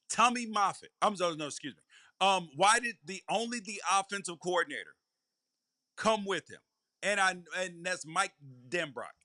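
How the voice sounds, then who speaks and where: Bright, high-pitched emphatic male podcast host. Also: no echo, clean studio sound. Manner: emphatic, repeats key points. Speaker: former college football player. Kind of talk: live college football commentary.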